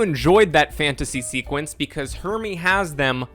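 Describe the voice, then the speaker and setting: A young man riffing through a sarcastic commentary in a casual, self-mocking way. His voice is bright and sits slightly high. Faint background music plays behind him. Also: lively intonation, normal speed. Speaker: commentary host.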